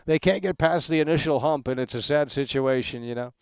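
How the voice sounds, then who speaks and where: A man with a fairly high, clear, resonant voice talks briskly while hosting a laid-back livestream show, with no echo present. He shouts out viewers emphatically with the same catchphrases and drifts through his opinions, often restarting and filling gaps.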